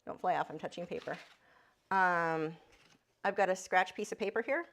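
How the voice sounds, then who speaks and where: Speaking at a normal pace with a fairly bright tone, a woman teaches a chatty live drawing class as an art instructor. She breaks off now and then to talk to her pet bird, using a high, squeaky voice for it.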